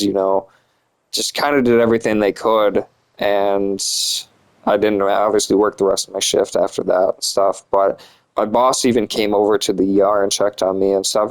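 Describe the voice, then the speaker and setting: A man's voice: on the low side, rough recording. A young man telling a story casually, rambling and swearing a lot, with many filler words. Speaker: vlogger.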